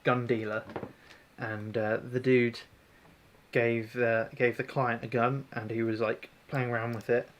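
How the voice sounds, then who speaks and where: On a casual stream, a man from New Zealand services an airsoft gun while rambling, chatting, and answering viewers. His mid-range voice shows little pitch movement and keeps a measured pace, and he's self-deprecating as the airsoft tech host.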